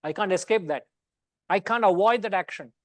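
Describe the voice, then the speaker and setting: A man's voice: high voice, brisk, dry recording. A middle-aged man with an Indian English accent, teaching the Gita to a study class in a conversational, teasing way.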